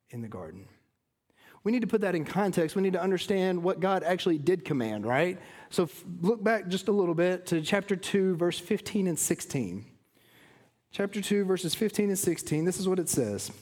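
A male pastor preaching with a high, bright voice, earnest and building his points, then letting phrases sink to a near hush. His delivery swings widely in pitch and loudness. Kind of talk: sermon.

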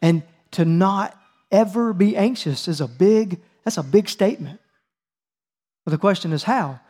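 A man's voice: high-pitched, a little slow, a little mellow, husky. A man preaching a teaching sermon, reading scripture and calling on his listeners to answer aloud. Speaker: preacher leading a Bible study.

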